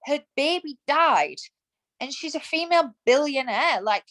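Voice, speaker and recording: Woman, 30s, slightly high voice, emphatic, passionate, podcast guest chatting. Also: animated, unhurried, a bit bright, poor audio. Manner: emphatic and passionate, acts out quoted thoughts. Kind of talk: casual interview chat.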